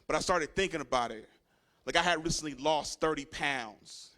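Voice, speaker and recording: Stand-up comic, man, slightly high voice, big shouted punchlines, low mumbly character voices, handheld mic on a club stage. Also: moderate pace. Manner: loud, animated storytelling with shouted punchlines. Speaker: stand-up comedian. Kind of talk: stand-up set.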